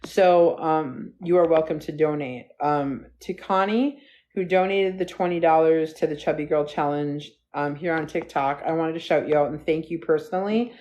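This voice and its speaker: A woman's voice: low voice, moderate pace, dark tone, muffled recording, a little hiss or hum. A woman hosting a casual live stream, rambling and chatty as she talks to viewers and her dog, recorded on a phone. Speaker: livestream host. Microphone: phone livestream.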